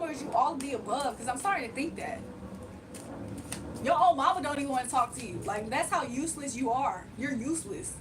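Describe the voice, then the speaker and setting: A woman's voice: high-pitched, lively intonation, a little fast, far from the mic, noisy background. A woman livestreaming a card reading, ranting bluntly to her chat with repetitive rhetorical questions. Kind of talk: heated livestream rant to chat.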